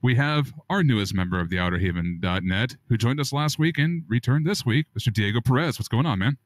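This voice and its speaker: A man hosting a casual gaming podcast in a playful, joking way, with a baritone voice. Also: expressive, fairly quick, no room sound. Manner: playful, hypes his own baritone. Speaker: podcast host.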